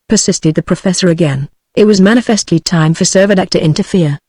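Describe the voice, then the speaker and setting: A text-to-speech woman's voice with a British accent reads a novel aloud in a steady, even way. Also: on the low side, brisk, hardly any pauses, slightly rough, dry recording. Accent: British English. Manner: steady, even synthetic read-aloud delivery. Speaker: audiobook narrator. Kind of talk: text-to-speech audiobook reading.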